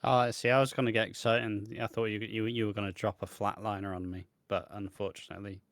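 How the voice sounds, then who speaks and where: A man's voice: fairly low pitch, little pitch movement, fast talker, no echo, studio quality. A man co-hosting a podcast, reviewing wrestling in casual, sweary chat that rambles and breaks into laughs. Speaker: podcast co-host.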